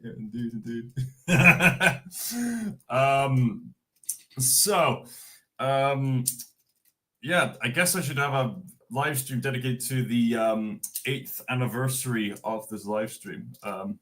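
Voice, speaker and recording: A man's voice: medium pitch, takes it slowly, bright, forceful tone. A Scottish man hosting a livestream, chatting casually in a jokey, rambling way. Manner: jokey, giggly, rambling with fillers. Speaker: streamer host.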